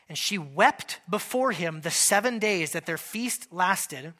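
A man's voice: high voice, moderate pace, few pauses. A male pastor preaching a sermon in a conversational, joking way, acting out quoted lines with a raised voice. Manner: conversational, joking, animated Bible teaching.

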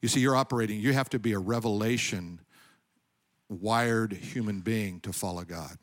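A man's voice: fairly low pitch, moderate pace. Emphatic middle-aged male pastor preaching. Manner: storytelling preacher, rising to loud emphatic calls. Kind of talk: sermon.

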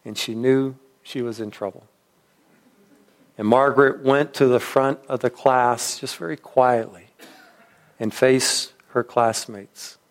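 A man's voice: medium pitch, fairly even intonation, slow pace. A man preaching a sermon, telling a story in a reflective way with frequent restarts. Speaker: pastor.

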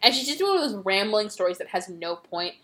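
Animated woman recapping a bad movie. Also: mid-range voice. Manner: animated, quick retelling with acted-out quotes. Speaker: podcast host. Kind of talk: casual movie recap chat.

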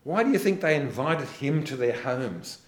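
A man's voice: mid-range voice, animated, moderate pace, echoey room. A man preaching an earnest sermon as a pastor. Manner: earnest, ends in a quiet prayer.

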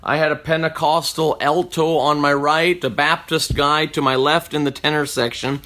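Man, personal testimony, higher-pitched voice, reflective, halting restarts. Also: level tone, pushed and bright. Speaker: speaker giving a personal testimony.

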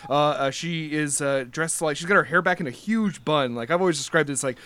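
A man narrating as game master of a tabletop game, halting with many fillers and restarts. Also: on the high side, fairly bright tone, clear, resonant tone, dry recording.

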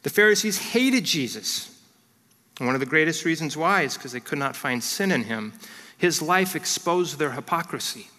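A man preaching a sermon as pastor, earnest and direct, dropping into soft prayer and light family stories. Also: on the high side, animated, moderate pace, in a large hall. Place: church hall.

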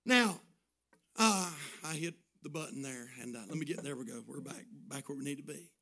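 A man preaching a sermon as pastor, swinging between loud shouted bursts and quiet, hushed storytelling. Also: fairly high pitch, fairly quick.

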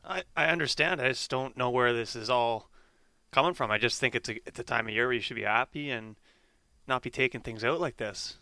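A man's voice: mid-range voice, fairly quick, sharp tone, clear, resonant tone, no room sound, studio quality. A man in a comedy sketch, talking in a mock-offended, dramatic way and laughing between lines. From Canada.

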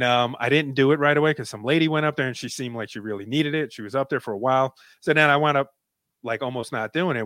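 A man's voice: mid-range voice, a bit bright, dry recording. A man in his late thirties, a guest telling an emotional personal story in a casual, rambling way with many fillers. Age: 30s.

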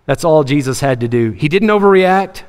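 A man preaching a sermon, animated, acting out Bible scenes in different voices and laughing often. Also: on the high side, normal speed, clear, resonant tone. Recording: long hall reverb.

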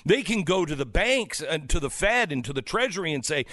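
A man hosting a radio show, delivering a fervent, preachy political monologue that swings between shouting and hushed intensity. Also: fairly high pitch, sing-song, fairly quick, hardly any pauses, dry recording, studio quality. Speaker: radio host.

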